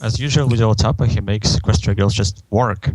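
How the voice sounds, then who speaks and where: A man's voice: fairly low pitch, brisk, no echo. A man co-hosting a casual podcast, giving brief dry replies. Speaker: podcast co-host.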